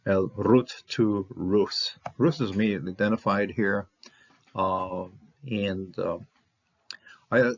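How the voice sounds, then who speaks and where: A man's voice: on the low side, gravelly, breathy edge, dull audio. A man teaching a verse-by-verse Hebrew Bible lesson, rambling with many fillers and restarts.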